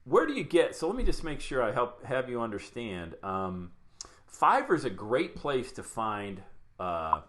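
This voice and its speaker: A man running a live online podcasting workshop, talking fast and chatty, greeting viewers by name as he shares his screen. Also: medium pitch, sing-song, a bit bright, slight background noise. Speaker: podcast coach. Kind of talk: live webinar training.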